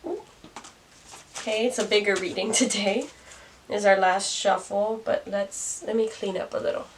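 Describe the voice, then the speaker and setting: A woman's voice: mid-range voice, steady tone, normal speed. Young woman doing a chatty tarot reading. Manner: chatty, musing, laughs at herself. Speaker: tarot reader. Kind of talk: casual tarot reading to camera. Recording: distant mic, faint noise.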